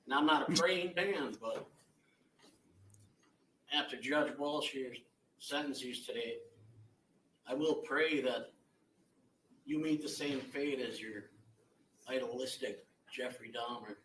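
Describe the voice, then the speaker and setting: Middle-aged man, blunt and halting, bright forceful tone, courtroom feed with echo and distance. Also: medium pitch, a little hiss or hum. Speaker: victim's relative giving impact statement. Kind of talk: courtroom victim impact statement. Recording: echoey courtroom audio from far off.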